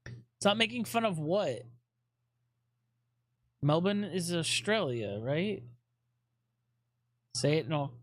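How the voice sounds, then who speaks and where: Slow-talking, rambling male streamer. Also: a little high, no room sound. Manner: rambling, filler-heavy, swears often; fidgety, restless. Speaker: live streamer. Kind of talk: casual live-stream chat.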